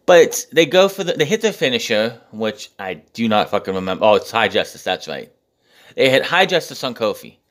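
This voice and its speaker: Guy ranting about last night's show, swears a lot, gets worked up and does mocking little voices for people, medium pitch. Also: sing-song, normal speed, a bit bright. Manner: profane, exasperated, acts out quotes mockingly. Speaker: wrestling show reviewer. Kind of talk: casual recap with ranting commentary.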